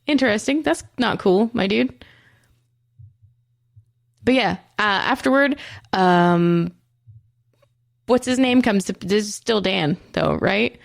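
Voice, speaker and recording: A woman's voice: fairly high pitch, gravelly, dry recording, studio quality. A woman co-hosting a podcast, recapping a TV episode in a chatty, profane and self-mocking way. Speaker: podcast co-host.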